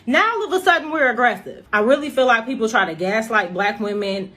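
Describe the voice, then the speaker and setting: A woman's voice: on the high side, brisk, bright, forceful tone. A woman speaking directly and reflectively about her own experience. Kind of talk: personal commentary clip.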